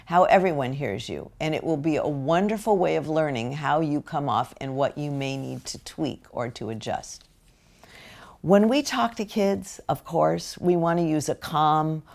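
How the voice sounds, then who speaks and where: Low gravelly American woman lecturing slowly. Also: darkish tone. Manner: slow deliberate delivery with acted-out parent quotes. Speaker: parenting educator. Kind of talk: spoken lecture to parents.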